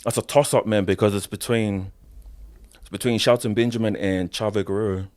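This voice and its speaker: Kiwi guy w a lowish voice, wrestler on a podcast, super casual, lots of bro and swearing. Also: steady tone, brisk, a little mellow. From New Zealand. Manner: loose slangy talk, swears often, says "bro". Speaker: professional wrestler, podcast guest. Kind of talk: casual interview storytelling.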